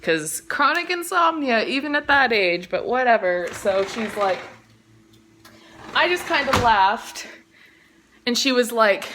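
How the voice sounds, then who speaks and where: A young Californian woman tells a story in a slow, unhurried drawl, her voice bright and clear. She rambles and sidetracks, fills every gap with "like" and swears offhandedly. She talks into a phone she holds in one hand while cooking in her kitchen. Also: fairly high pitch, expressive, a little hiss or hum. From Central Valley, California. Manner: rambling, easily sidetracked, heavy "like" filler, swears casually. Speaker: vlogger. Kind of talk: casual storytime chat. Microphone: phone held in one hand.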